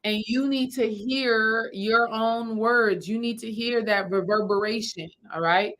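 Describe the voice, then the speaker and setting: A woman spiritual healing coach speaks a little high, in a steady, fairly bright tone and an unhurried pace. She talks a live audience through a meditation step by step, casual and repetitive, with poor audio.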